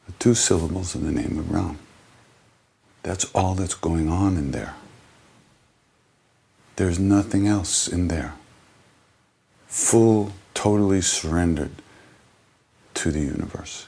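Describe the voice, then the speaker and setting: Man, very deep voice, husky, halting earnest storyteller, interview. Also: a little mellow. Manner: halting, with frequent restarts. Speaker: interviewee, spiritual musician. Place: small hotel.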